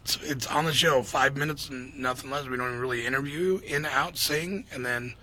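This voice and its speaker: A man's voice: mid-range voice, a little fast, pushed and bright, slight background noise. A man guest on an interview podcast, chatting casually and rambling as he promotes a karaoke contest. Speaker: comedy show host, guest.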